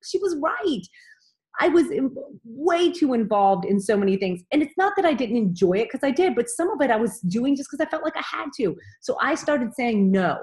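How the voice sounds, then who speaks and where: A woman's voice: a little high, expressive, a little fast, hardly any pauses, darkish tone. A woman in her thirties giving a motivational training talk to her team, upbeat and direct, often checking in with "okay?".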